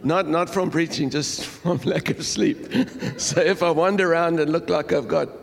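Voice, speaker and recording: A man's voice: on the high side, normal speed, gravelly, long reverb tail, crowd noise. An older man from Durban, a pastor opening a sermon in a jovial, rambling way and laughing often, tired from lack of sleep. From South Africa (Durban). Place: church hall.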